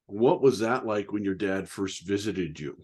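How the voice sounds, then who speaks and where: A man's voice: lowish voice, expressive, a little slow, darkish tone, husky. A man hosting a podcast interview, admiring and emphatic, repeating his praise of the guest's story. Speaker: podcast host. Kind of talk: interview conversation.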